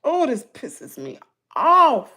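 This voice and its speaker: A woman's voice: high voice, wildly swooping pitch, takes it slowly, sharp tone. A woman vlogger with a Southern US accent, chatting casually to her viewers with lots of exclamations and asides.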